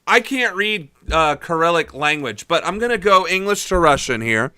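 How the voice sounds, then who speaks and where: A man's voice: on the high side, expressive, moderate pace, few pauses, pushed and bright, smooth. A young man streaming casual political commentary, blunt and exasperated, swearing often.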